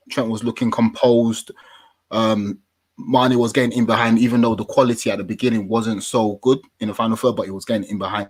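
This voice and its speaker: Male podcast guest, mid-pitched, dry close sound, slangy match breakdown. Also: no room sound. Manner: animated, slangy, swears casually. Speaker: podcast guest, football fan. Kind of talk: casual match analysis.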